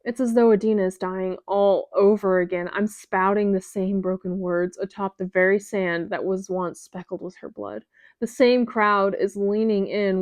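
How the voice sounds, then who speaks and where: A woman's voice: mid-range voice, creaky, a little mellow, no room sound. Woman reading an intense first-person novel. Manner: emotive, voicing her lines with raw intensity. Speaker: audiobook narrator.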